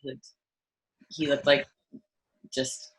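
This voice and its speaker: A woman musician chatting as an interview guest, telling stories in an animated way with frequent "like"s and restarts. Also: rumbling low, slow, rough recording. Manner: animated storytelling, lots of "like" and restarts. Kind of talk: casual interview chat.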